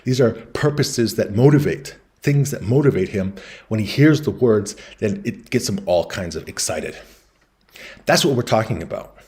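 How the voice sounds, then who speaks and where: A man explaining business concepts in a relaxed lecture, talking through slides and acting out quoted voices in his anecdotes. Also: fairly low pitch, normal speed. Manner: casual storytelling, acts out quoted voices.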